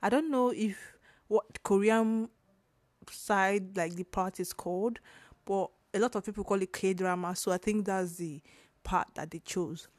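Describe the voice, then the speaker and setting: A young woman from Nigeria hosting her own podcast, slightly hoarse, talking in a rambling, chatty way with fillers and self-corrections. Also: medium pitch, unhurried, darkish tone, dry recording. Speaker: podcast host. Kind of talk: casual solo podcast talk.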